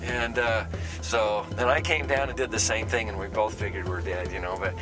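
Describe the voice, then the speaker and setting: A man's voice: fairly low pitch, steady tone, normal speed, rough recording. A middle-aged man telling a caving story in a folksy way for a documentary interview, acting out the lines he quotes. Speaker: caver recounting an expedition. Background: music bed.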